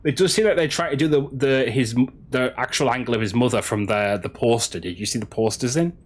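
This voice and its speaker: A man streaming a game, chatting casually with his audience in a halting way, with frequent restarts. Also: mid-range voice. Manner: halting, chatty, many restarts, answering chat. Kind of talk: casual stream chat while gaming.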